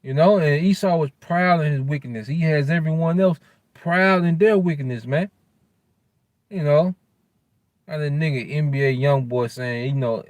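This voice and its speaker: A man's voice: a little high, moderate pace, a little mellow, no echo. A man giving an informal scripture lesson. He uses loose street slang, tags "man" onto nearly every phrase, and stumbles while looking up verses. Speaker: religious teacher.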